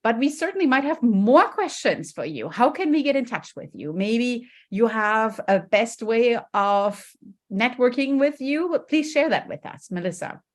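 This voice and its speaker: A woman's voice: on the high side, sing-song, a little slow. A woman hosting a podcast interview, upbeat and encouraging, with frequent ums. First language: German. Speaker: podcast host. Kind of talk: casual interview chat.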